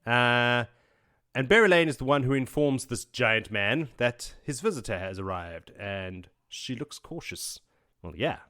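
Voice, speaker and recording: A man hosting a podcast, retelling a book chapter in a casual, excitable way with swearing and laughs. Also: mid-range voice, measured pace. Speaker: podcast host.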